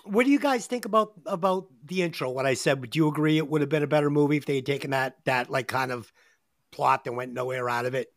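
A woman hosting a casual movie review podcast, talking in an animated, emphatic way with lots of swearing. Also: extremely low pitch, fast. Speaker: podcast host.

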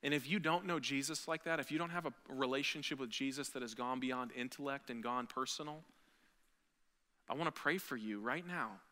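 A man preaching a sermon as a pastor, earnest and building to loud, emphatic peaks. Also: mid-range voice, a little fast. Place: church sanctuary. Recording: long hall reverb.

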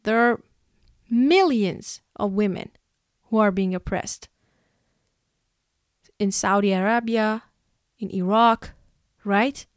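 A woman's voice: mid-range voice, takes it slowly, pauses often, dry recording, studio quality. A young woman from Iran giving an emotional, exasperated opinion monologue as a vlogger, sighing and laughing between points.

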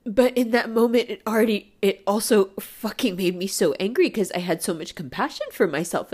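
An emotional woman speaks frankly about herself in a personal monologue. Her voice is mid-pitched, and she swears freely. She drifts between laughter and tears. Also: animated, moderate pace, darkish tone.

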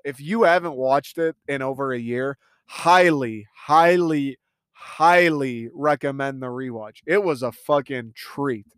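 A man's voice: on the high side, clear, resonant tone, no echo, clean studio sound. A young man talking through a casual movie review, enthusiastic and rambling, swearing freely.

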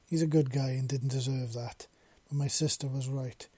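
A man's voice: mid-range voice, steady tone, normal speed, husky, close to an everyday voice. A man voicing an earnest young clawed creature. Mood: warm, playful. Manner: sincere, apologetic, softly spoken.

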